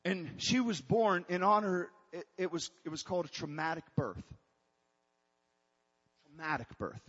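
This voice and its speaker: A man's voice: high-pitched, animated, normal speed, fairly bright tone, husky, in a large hall, dull audio. A man preaching a sermon to his congregation in an emphatic way, breaking off and restarting as he calls out to them. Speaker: pastor.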